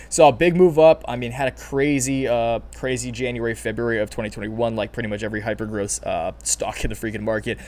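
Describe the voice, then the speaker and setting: A man's voice: mid-range voice, darkish tone. Young guy doing a chatty market recap vlog, upbeat, lots of uhs. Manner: upbeat, chatty, repeats pet phrases. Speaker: stock market video host. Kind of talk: casual market commentary to camera.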